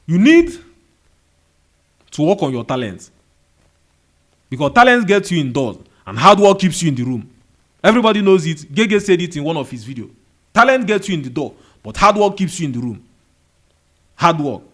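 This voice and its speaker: Speaking fairly quickly and pausing often, this man's voice sits on the high side and sounds very animated and a bit bright. He is a motivational video host with a Nigerian accent, repeating key phrases and throwing out rhetorical questions in an indoor room with a fan going.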